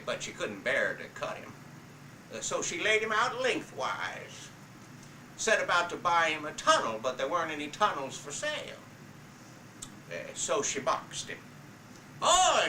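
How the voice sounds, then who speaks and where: Folksy old tall-tale humorist, dry drawl, bright voice, done by a man; distant roomy home recording. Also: high voice, slight background noise, pitched above the performer's own voice, exaggerated voice. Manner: drawling, dry storyteller with "uh" and "oh" pauses. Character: folksy old male 19th-century humorist spinning tall tales. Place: family home.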